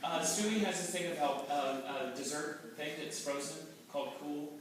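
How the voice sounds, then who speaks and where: Man coaching a choir in a booming hall. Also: normal speed, a crowd in the background. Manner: playful, demonstrates sounds for the choir to repeat. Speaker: choir clinician. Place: large echoey hall. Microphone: distant camera mic. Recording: very echoey hall, heard from far off, loud noise.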